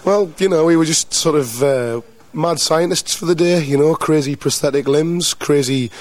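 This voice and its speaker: A man's voice: a little high, moderate pace, a little mellow. Band member, male, northeast English accent; dry humor, trips over his starts. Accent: Mackem, northeast English. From northeast England. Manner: dry, jokey, with stammered restarts. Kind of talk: casual interview chat.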